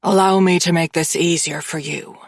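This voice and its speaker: A woman voicing a cold, dangerous mafia man who speaks calmly and conversationally, with quiet menace in an audiobook. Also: on the low side, normal speed, creaky, dry recording, studio quality, voice pushed down. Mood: menacing calm. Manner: calm, conversational, quietly threatening.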